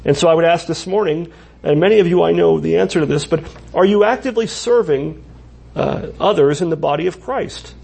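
A man's voice: on the high side, fairly quick, gravelly, dark tone, breathy edge. A male pastor preaching a sermon in church, talking conversationally with asides and frequent restarts.

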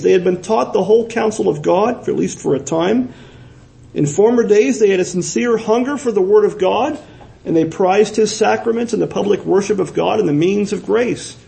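Pastor, male, earnest sermon delivery with rhetorical questions; dark, mellow tone. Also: sits high, creaky, low-quality recording. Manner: earnest, repeats words for emphasis, asks rhetorical questions.

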